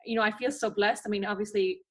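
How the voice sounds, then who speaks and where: A woman's voice: medium pitch, steady tone, quick pace. A woman talking about her work as a forest therapy practitioner in an enthusiastic, chatty way, with frequent restarts, as a guest on a remote call. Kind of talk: casual conversational interview.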